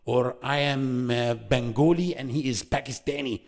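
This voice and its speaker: A man voicing Satan as a proud male figure who boasts, quiet and matter-of-fact, in a religious lesson. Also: medium pitch, normal speed, close to an everyday voice. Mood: arrogant.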